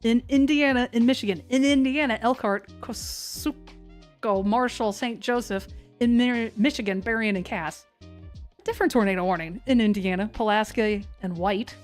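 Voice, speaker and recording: Chatty scattered woman streamer, pitched up. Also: normal speed, faint music behind. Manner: chatty, scattered, self-mocking. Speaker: severe weather livestream host. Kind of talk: casual live commentary.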